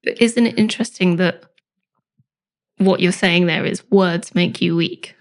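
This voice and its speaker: A woman argues her point in casual podcast chat, her voice pitched a little low for a woman. She speaks earnestly and persuasively, and often presses with questions. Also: measured pace. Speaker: podcast guest, singer and vocal coach.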